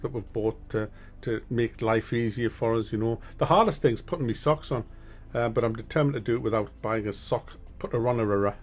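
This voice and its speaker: A man's voice: mid-range voice, darkish tone. A middle-aged man talks straight to his viewers on his gaming channel. He is chatty and frank, often trips over and restarts his sentences, and swears now and then. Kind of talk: casual monthly update to viewers.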